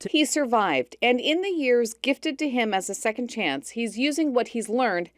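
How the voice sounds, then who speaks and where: A woman reporting as a TV reporter, reading a scripted news voice-over in a measured, expressive way. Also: a little high. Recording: faint music bed underneath.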